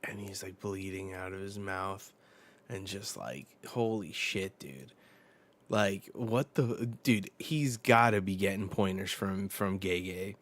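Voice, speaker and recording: A man hosting a casual live reaction, reading a comic aloud with profane, excitable outbursts. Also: deep voice, takes it slowly. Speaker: host reacting to a manga chapter.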